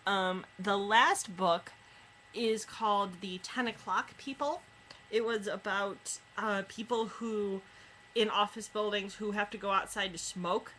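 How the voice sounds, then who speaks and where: Bright-voiced woman reviewing books. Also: mid-range voice, steady tone, unhurried, a little hiss or hum, poor audio. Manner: chatty retelling with many fillers. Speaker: book reviewer. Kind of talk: casual book review.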